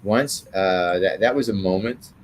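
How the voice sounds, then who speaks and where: Older man, low voice, loose anecdotal guest who keeps asking "right?". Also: measured pace, slight background noise. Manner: rambling, tags remarks with "right?". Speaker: interview guest. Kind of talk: anecdotal storytelling.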